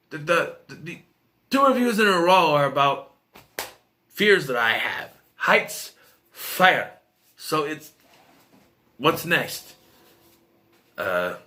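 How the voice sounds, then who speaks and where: A man's voice: medium pitch, sharp tone. A man giving a casual, rambling film review, chatty and full of restarts and asides. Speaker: movie reviewer.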